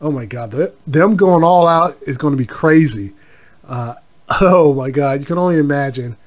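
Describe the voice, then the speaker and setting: Middle-aged male podcast host, a bit higher-pitched, loose rambling delivery. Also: moderate pace. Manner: rambling, with many fillers and asides. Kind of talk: casual solo podcast monologue.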